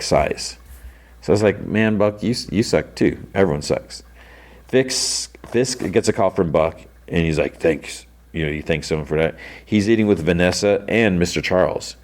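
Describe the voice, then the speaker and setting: A young man hosting a podcast, casually retelling TV scenes and slipping into quick character voices with lots of "he's like". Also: low-pitched. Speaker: podcast host recapping a TV episode.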